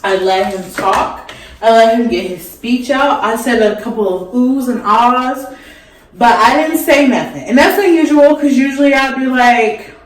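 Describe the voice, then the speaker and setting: A woman's voice: fairly high pitch, moderate pace. Chatty young woman in an echoey room. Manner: chatty, rambling, frequent "like" fillers, candid. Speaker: beauty vlogger. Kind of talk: casual storytelling while doing makeup. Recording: echoey room, mic at a distance.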